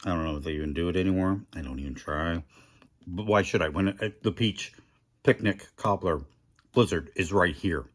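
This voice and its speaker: A man's voice: sits low, normal speed. A middle-aged man rambling through a casual food review vlog, chatty and self-deprecating, talking with his mouth full.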